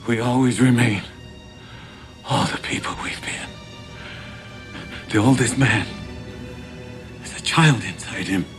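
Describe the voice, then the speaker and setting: A gravelly man pleading at gunpoint. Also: medium pitch, takes it slowly, pauses often, music in the background. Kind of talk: film dialogue.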